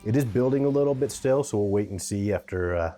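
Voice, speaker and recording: Low mellow-voiced man reviewing peppers. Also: expressive, fast talker, soft background music. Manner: chatty, candid, thinking aloud with ums. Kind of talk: casual tasting review.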